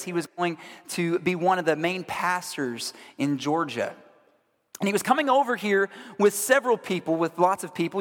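A man's voice: on the high side, fairly bright tone. Male pastor preaching in a reverberant hall. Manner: conversational storytelling, asks the audience questions. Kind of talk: sermon.

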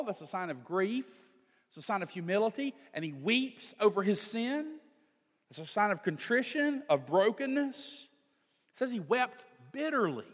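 Fairly high-voiced pastor in a reverberant hall. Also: male voice. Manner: earnest preaching, slows down for emphasis, swells louder on key points. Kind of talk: sermon with scripture reading.

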